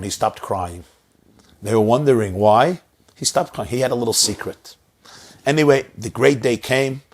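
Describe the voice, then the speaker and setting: A man's voice: on the low side, slightly rough. A man telling a story as a sermon, dramatic and repetitive in his phrasing. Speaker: inspirational speaker.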